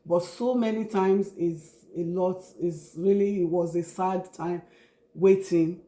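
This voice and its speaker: Nigerian woman with animated storytelling. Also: fairly low pitch, slow pace, echoey room. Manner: animated storyteller, acts out remembered dialogue. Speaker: interviewee. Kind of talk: casual interview.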